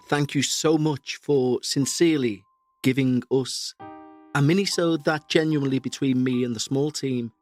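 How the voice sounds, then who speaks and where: A podcast host with a Scouse accent and a medium-pitched voice reads a listener's story aloud, then comments on it earnestly and in a measured way. His throat is still sore.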